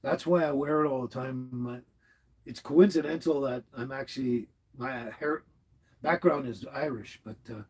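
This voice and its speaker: The low-quality recording captures a livestream host in his motorhome, reading chat and replying in a rambling, chuckling, warmly chatty way. His mid-range voice is slightly rough and moderately paced.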